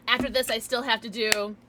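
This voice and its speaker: A woman's voice: fairly high pitch, steady tone, normal speed, noisy background. A young woman streaming from home, chatting casually with viewers in a giggly, tipsy, chatty way. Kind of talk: casual livestream chat with viewers.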